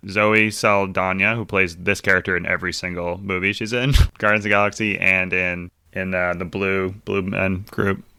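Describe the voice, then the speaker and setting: Bright, dry-sounding animated man. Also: deep voice, normal speed, few pauses, smooth, dry recording. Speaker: podcast co-host. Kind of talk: casual chat.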